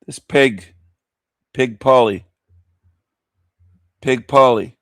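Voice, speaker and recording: A man's voice: mid-range voice, very slow, no room sound, studio quality. A middle-aged man hosting a show, giving crude, sneering reaction commentary. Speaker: host.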